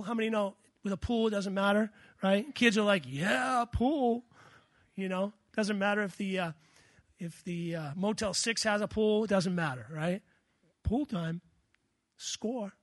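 Male pastor, sermon delivery; high voice, dry close sound, animated storyteller. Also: no room sound.

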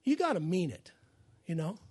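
High-voiced fiery preaching man. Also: big pitch swings, moderate pace, husky. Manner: fiery, shouting, repeats phrases. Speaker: pastor. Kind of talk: sermon. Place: church.

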